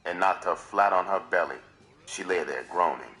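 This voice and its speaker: A man's voice: sits low, normal speed, sharp tone, faint music behind. A man reading a novel aloud on a live stream in dramatic first-person narration. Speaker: reader.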